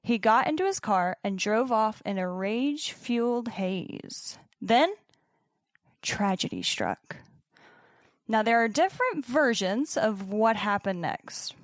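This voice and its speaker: A young woman co-hosting a podcast, telling a story in partly scripted narration with dramatic pauses and casual swearing. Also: on the high side, expressive, dry recording, studio quality. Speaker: podcast co-host.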